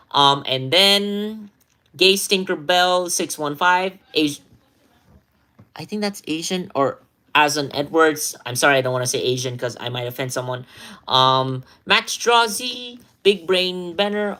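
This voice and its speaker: A woman reading a long list of follower names for a shoutout, halting with many ums and apologizing when she stumbles over names, then chatting casually to her followers. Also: sits low. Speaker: social media creator.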